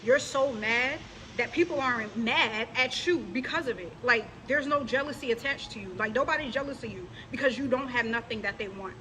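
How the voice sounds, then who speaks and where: In a brisk, sharp, somewhat high voice, a religious vlogger rants straight to camera, scolding her viewers confrontationally and mocking the people she's talking to. The audio is poor, with a little hiss or hum.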